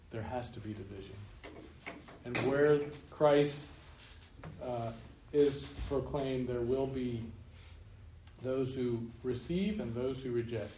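A male pastor giving a sermon emphatically, slowing down to stress key points and chuckling at his own remarks. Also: medium pitch, warm tone. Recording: roomy room echo, faint noise.

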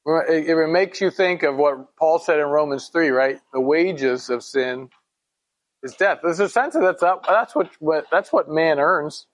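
A man's voice: fairly high pitch, a little slow. A man teaching a Bible study in a conversational way, reading scripture aloud and asking his listeners questions.

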